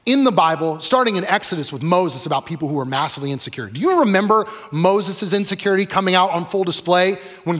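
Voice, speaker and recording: A man with a somewhat high, husky voice preaches a sermon in an easy, conversational manner. He keeps putting questions to his listeners. His voice carries a long reverb, as in a big hall. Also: fairly bright tone. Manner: conversational, asks the audience questions. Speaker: pastor.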